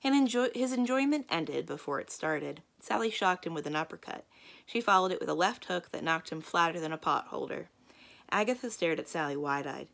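A woman librarian reads a children's mystery book aloud and talks to her young listeners in between. Her voice sits a little low and has a gravelly creak. Her delivery is calm and inviting. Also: fairly quick.

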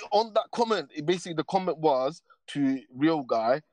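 A man holds forth on a live stream panel, circling back and piling on street slang and tag questions. His voice sits a little high, and the sound is dry and close. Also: expressive, unhurried, darkish tone, no room sound. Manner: rambling, heavy street slang, many repeated tags. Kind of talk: casual heated rant.

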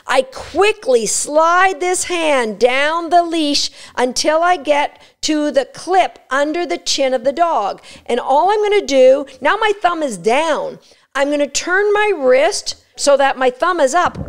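A woman explaining dog training step by step in an energetic, instructive way. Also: high voice, takes it slowly. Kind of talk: instructional talk.

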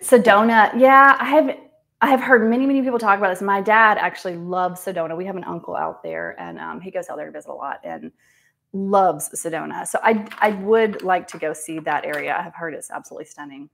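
A woman's voice: fairly low pitch, animated, brisk, a bit bright, slight background noise. A woman, a nurse practitioner chatting casually on a livestream while she gets ready, with frequent ums and laughs. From American South. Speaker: nurse practitioner live-streaming.

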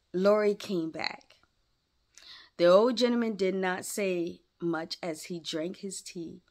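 A woman reading a classic novel aloud in a gentle storytelling way, now and then stopping to chat with her listeners. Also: mid-range voice. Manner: slow, gentle read-aloud with asides to listeners. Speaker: storybook reader.

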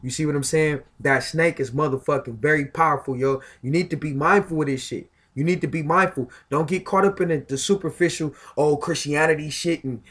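A self-styled spiritual commentator with a slightly higher-pitched, somewhat bright voice delivers a casual, profane monologue, a little fast and with few pauses. He leans hard on emphasis, circles back to filler phrases and trips over repeated words pushing his point.

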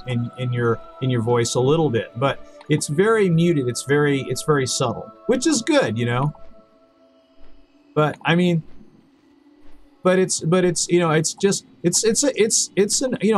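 A man streaming a video game, chatting casually with viewers and repeating himself as he rambles. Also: fairly high pitch. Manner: rambling, repeats words and restarts often. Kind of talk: casual live-stream chat while gaming.

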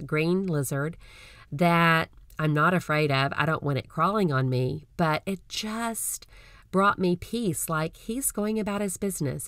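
A middle-aged woman hosting her own podcast, talking in an earnest, folksy and gently encouraging way. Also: fairly low pitch, no room sound, clean studio sound. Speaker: podcast host. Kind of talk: personal podcast talk.

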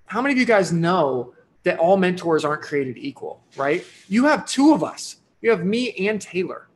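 Man, higher-pitched voice, livestream sales pitch, enthusiastic, pushy, keeps checking in with "right?". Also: very animated, moderate pace, slight background noise. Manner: enthusiastic and pushy, with frequent "right?" and "here's the deal". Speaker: online course creator hosting a live sales stream.

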